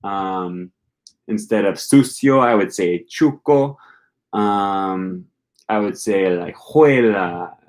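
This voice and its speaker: A young man from Wisconsin speaks with a Midwest American accent and a fairly low voice. He chats loosely on a live stream, answering viewer questions. He rambles, pausing often with ums and restarting his sentences. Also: a little mellow. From Wisconsin, USA. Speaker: language-learning channel host. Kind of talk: casual live-stream chat, reading viewer comments.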